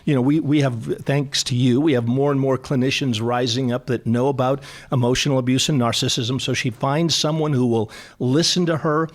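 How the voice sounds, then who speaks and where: Middle-aged male guest expert, animated and emphatic, mid-pitched voice. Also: normal speed, hardly any pauses. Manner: animated, emphatic, repeats for stress. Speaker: psychologist guest. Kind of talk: conversational radio interview.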